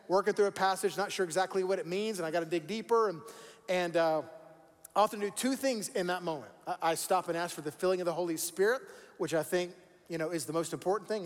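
A man's voice: high-pitched, steady tone, fast, big-room sound. A man preaching a sermon as pastor, conversational and repeating words for emphasis. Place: church sanctuary.

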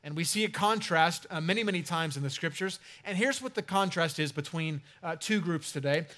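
Male pastor, higher-pitched voice, casual sermon delivery with playful asides to the congregation. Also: a bit bright. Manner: conversational, jokey asides to the congregation. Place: church sanctuary.

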